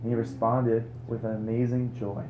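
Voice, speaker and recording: A young man preaching a sermon at a conference, telling a story with lively rhetorical questions. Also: mid-range voice, moderate pace, muffled recording, noisy background. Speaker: conference speaker. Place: conference hall. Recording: roomy hall echo.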